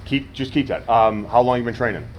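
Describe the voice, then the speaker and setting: A man coaching wrestling promos in casual, animated talk, demonstrating cadences and coaxing a student. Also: mid-range voice, a little fast, lo-fi sound, a little hiss or hum. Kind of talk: casual teaching. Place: wrestling school training room. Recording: echoey room from far off.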